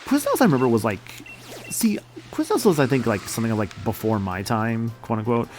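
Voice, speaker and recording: A laid-back man in his late twenties rambles through a casual game stream, cursing freely as he goes. His voice sits at a middle pitch. Soft game music plays faintly behind him. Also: sing-song, brisk. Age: late 20s.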